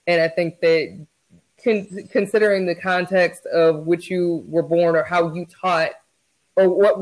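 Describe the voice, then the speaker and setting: A man's voice: on the high side, low-quality recording. A man co-hosting a podcast, chatting candidly and often restarting his sentences. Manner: candid, repeats words when starting sentences. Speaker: podcast co-host. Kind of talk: casual chat.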